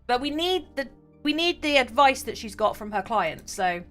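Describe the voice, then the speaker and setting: A woman streamer reading a story game aloud, reacting with quick, excited outbursts. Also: a little high, soft background music.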